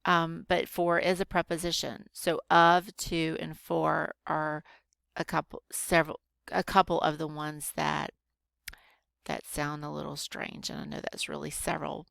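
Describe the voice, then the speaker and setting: A woman's voice: low-pitched, little pitch movement, measured pace, creaky, a bit bright, no echo. A woman teacher patiently walking students through a grammar worksheet, step by step with frequent ums. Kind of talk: recorded grammar lesson.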